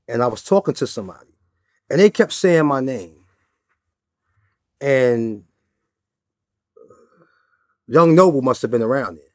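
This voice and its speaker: A man's voice: medium pitch, expressive, unhurried, pauses often, darkish tone, dry recording, clean studio sound. A man from New York, a guest in an interview, telling stories in a loose, laid-back way and often adding "you know what I'm saying". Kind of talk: casual storytelling interview.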